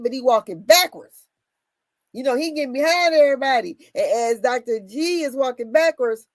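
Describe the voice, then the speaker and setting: Animated woman recapping reality TV gossip. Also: on the high side, dry recording. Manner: animated storytelling, laughs often, swings loud and soft. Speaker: commentary show host.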